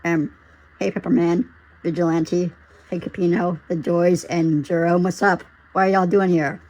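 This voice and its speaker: A man voicing a mischievous, excitable male cartoon prankster who hosts a party, in a fan-made cartoon. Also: unhurried, muffled recording. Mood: nervous. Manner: hyper, shouty, high-pitched.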